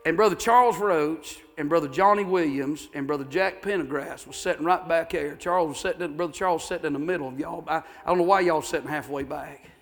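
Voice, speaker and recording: A man's voice: a little high, fast talker, hardly any pauses, faint music behind. A male pastor preaching a sermon, telling folksy stories with fervor and repeating his phrases.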